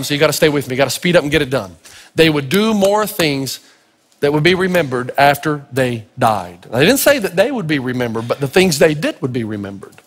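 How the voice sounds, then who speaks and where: Animated husky-voiced pastor preaching in a hall. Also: male voice, fairly high pitch. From Tennessee. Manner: animated, acts out voices in stories. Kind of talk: storytelling sermon. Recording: long reverb of a large hall.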